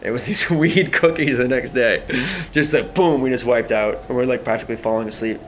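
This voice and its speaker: Rambling, animated male storyteller. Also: medium pitch, fairly quick, slight background noise. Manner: rambling, animated, with lots of fillers and acted-out quotes. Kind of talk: casual personal storytelling.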